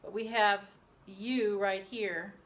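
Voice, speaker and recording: A woman teacher dictating a spelling lesson to young pupils, slowly sounding out each syllable. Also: mid-range voice, fairly even intonation. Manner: slow, deliberate, sounding out syllables. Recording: echoey room.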